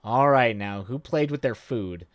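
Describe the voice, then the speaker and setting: A man voicing an easygoing, friendly male vampire who talks in a relaxed, reassuring way. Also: medium pitch, measured pace, dry recording, studio quality, close to an everyday voice.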